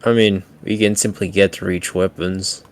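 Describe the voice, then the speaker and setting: A man playing a tabletop game, talking casually with many halting restarts and some swearing. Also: deep voice, little pitch movement, clear, resonant tone. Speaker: player.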